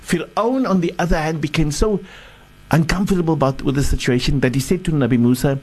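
Male sheikh, sermon storyteller, warm tone, somewhat high voice, halting restarts. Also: low-quality recording. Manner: halting, repeats words while searching.

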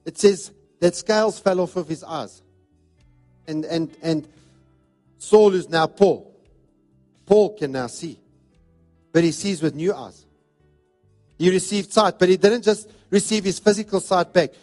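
A high-voiced man delivers a sermon, hammering his points home with repeated phrases. Soft music plays faintly beneath his voice. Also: a little slow, pauses often. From South Africa. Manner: emphatic, repetitive preaching cadence. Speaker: pastor.

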